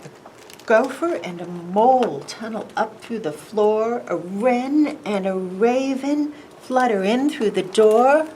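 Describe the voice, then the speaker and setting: A woman librarian reading a picture book aloud at a preschool storytime, animated and sing-song, asking the children questions. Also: on the high side, takes it slowly, slight background noise, poor audio.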